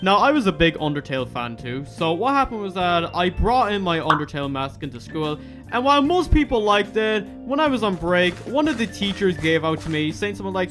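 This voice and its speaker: Animated Irish young-man vlogger, ranting school stories; high, lively voice over faint music. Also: fairly quick. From Ireland. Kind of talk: storytime vlog.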